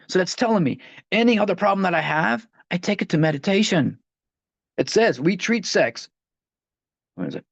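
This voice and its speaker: A man's voice: high-pitched, animated, moderate pace, gravelly, husky, no echo. Man leading a book study, dry lo-fi sound. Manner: conversational, repeats and restarts phrases. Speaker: recovery study leader. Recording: dull, dry lo-fi audio.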